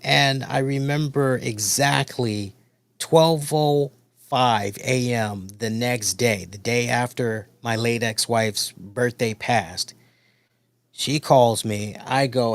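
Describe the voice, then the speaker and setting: A man's voice: medium pitch, slow, gravelly, no room sound. A man hosting a wrestling review show, talking in a casual storytelling way and repeating points for emphasis.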